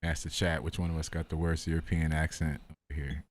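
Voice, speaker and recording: A man's voice: very deep voice, level tone, fast. A man in casual podcast chat, reacting often and hyping up the others.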